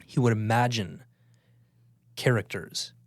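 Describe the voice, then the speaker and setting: A man's voice: lowish voice, fairly even intonation, slow, no room sound, clean studio sound. A man co-hosting a podcast, talking in an offhand, conspiratorial, teasing way in late-night chat. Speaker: podcast co-host.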